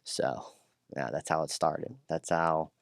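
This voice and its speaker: A man telling his life story in a casual interview, profane and rambling, animated and full of restarts. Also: a bass voice, takes it slowly, vocal fry, no echo, studio quality. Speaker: podcast guest.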